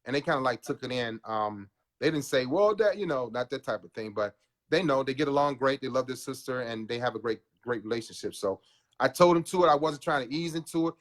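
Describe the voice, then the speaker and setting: A man's voice: mid-range voice, fairly quick, fairly bright tone. A man in his forties, a podcast guest, telling his story in an earnest, confessional way and calling the host bro. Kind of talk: candid personal interview.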